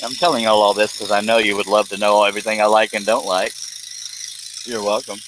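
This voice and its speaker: A man's voice: lowish voice, level tone, brisk, noisy background. A man hosting a live stream, rambling and joking in casual chat as he reads viewer comments aloud.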